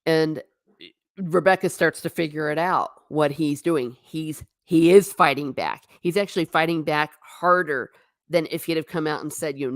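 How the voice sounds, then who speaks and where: Low-voiced woman reviewing a show. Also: no echo, studio quality. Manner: animated, acts out quotes from scenes. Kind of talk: casual live-stream review chat.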